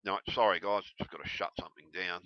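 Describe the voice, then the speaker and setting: A man ranting heatedly to camera, swearing constantly and breaking into yelled bursts. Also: low-pitched, steady tone, fast talker, no echo. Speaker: video blogger. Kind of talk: angry profane rant to camera. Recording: dull lo-fi recording.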